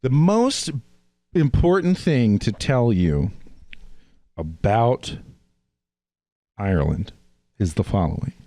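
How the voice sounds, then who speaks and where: A man's voice: lowish voice, lively intonation, takes it slowly, pauses often, warm tone, dry recording. A man co-hosting a podcast, telling travel stories in a casual, profane way and mimicking the people he met. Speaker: podcast co-host. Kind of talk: casual chat, storytelling.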